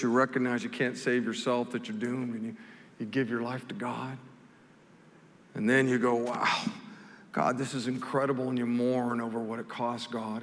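A male pastor preaching a sermon, swinging from loud, emphatic scripture quotes to soft, slow reflection. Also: mid-range voice. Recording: long hall reverb.

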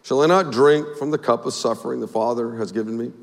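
A man voicing a calm, reassuring grown man in a casual, soothing way. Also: medium pitch, fast, gravelly, voice pushed down, lightly acted. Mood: easygoing. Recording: long hall reverb.

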